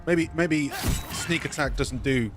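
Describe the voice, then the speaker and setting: A man's voice: a little high, measured pace, music in the background. A man casually commentating his gameplay as a let's play streamer, thinking aloud and correcting himself as he goes.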